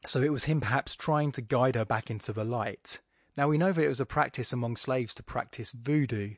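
A man's voice: mid-range voice, fairly quick, no echo, clean studio sound. A man hosting a poetry show, musing and thinking aloud as he gives an informal analysis of a poem. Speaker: poetry podcast host.

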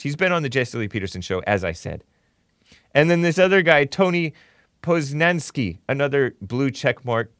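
A man's voice: mid-range voice, fairly bright tone, dry recording, studio quality. A man hosting a talk show, giving opinionated commentary with a mocking tone and frequent chuckles. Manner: mocking, chuckles often while reading posts.

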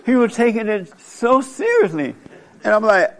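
An older man with a gravelly, somewhat raised voice hosts a casual talk show. He speaks bluntly and rambles through stories, laughing often as he talks. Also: sits high, expressive, slow, long pauses.

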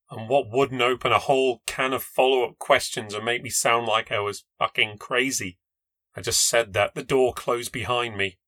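A man's voice: on the low side, pushed and bright, no echo. A man narrating a first-person ghost story with a tense, dramatic delivery. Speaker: podcast narrator.

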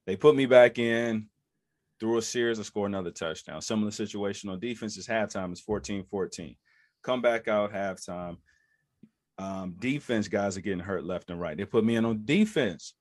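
On the low side and at a moderate pace, a man in his thirties who used to be an NFL running back shares an animated story in a podcast interview. He acts out quotes in raised voices, and the recording is dry and studio quality.

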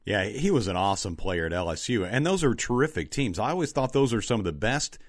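A man's voice: fairly low pitch, very animated, fast. A man co-hosting a casual sports talk show, easygoing and agreeable as he recalls past college teams.

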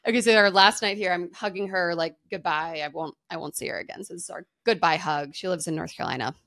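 Woman podcast host: lively, giggly storyteller, dry close sound. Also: fairly low pitch, quick pace, dry recording. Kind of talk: casual chat.

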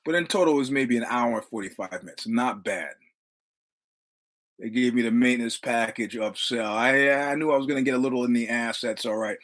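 Brief: male podcast host, mid-pitched, casual storyteller, swears freely, hammers lines by repeating them. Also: fairly quick, fairly bright tone. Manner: profane, repetitive, punchy delivery.

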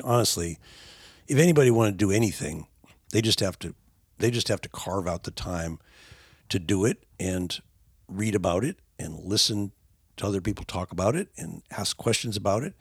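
An older man talking with his son on a podcast in casual conversation, halting with restarts and growing animated. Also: mid-range voice, husky, no room sound. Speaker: podcast guest, father of the host.

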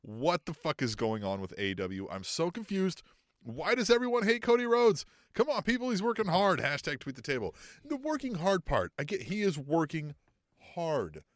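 Animated high-voiced podcast man. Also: normal speed, dry recording. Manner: animated, swears often, acts out quotes in mocking high voices. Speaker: podcast co-host. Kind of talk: casual wrestling podcast chat.

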